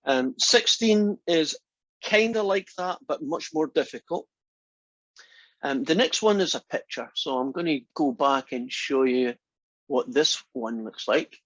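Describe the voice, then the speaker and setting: A man's voice: a little high, measured pace, a bit bright, no room sound. A man teaching a math class in a chatty, teasing way, often asking the students questions. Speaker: math instructor. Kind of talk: classroom lecture. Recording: dull lo-fi lecture recording.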